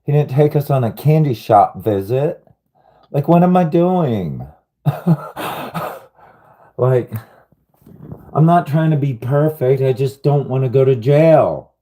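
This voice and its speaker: A man's voice: medium pitch, animated, slow pace, pauses often, mellow, low-quality recording. A man rambling through a live-stream monologue, sighing often, swearing heavily and sounding bewildered and aggrieved. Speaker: livestreamer.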